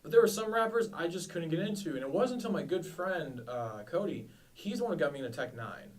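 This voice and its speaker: A man's voice: fairly high pitch, lively intonation, quick pace, far from the mic, rough recording. A man in his twenties co-hosting a podcast, chatting casually in a rambling, self-deprecating way. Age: 20s. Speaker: podcast co-host. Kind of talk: casual chat.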